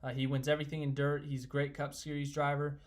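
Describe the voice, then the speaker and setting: A young man hosting a casual live stream, rambling excitedly and reading viewer comments aloud. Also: a little high, quick pace.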